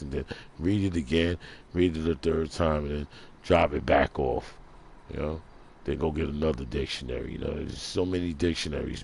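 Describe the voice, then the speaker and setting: A man's voice: a bass voice, vocal fry, slight background noise. A man ranting in a vlog monologue, preachy and full of rhetorical questions, repeating himself for emphasis. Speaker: vlogger.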